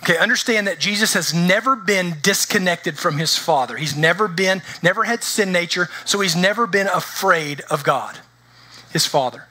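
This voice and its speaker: Bright-voiced man preaching a sermon. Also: high voice, normal speed. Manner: conversational preaching, checks in with the congregation. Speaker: pastor. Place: church.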